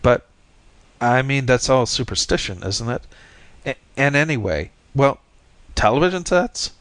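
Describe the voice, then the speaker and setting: A man reading as a fretful, polite older man who speaks hesitantly and slowly. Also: mid-range voice, big pitch swings, fairly bright tone, no room sound, voice pushed up. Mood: apprehensive. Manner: hesitant, apologetic, slow.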